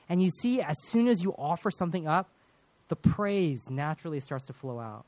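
A man's voice: fairly high pitch, expressive, brisk, darkish tone. A man preaching a sermon as pastor, earnest and prayerful, often repeating words as he speaks.

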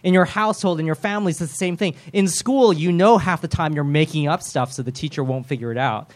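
A man preaching a sermon in a lively, conversational way, with self-deprecating humor and quick role-played voices. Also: on the high side. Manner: animated, acts out voices of biblical figures.

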